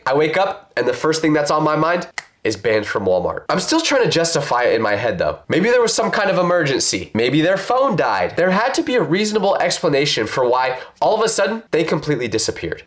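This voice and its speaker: Animated male storyteller, roomy sound. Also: a little high. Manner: expressive, self-mocking, dramatic pauses. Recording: roomy echo.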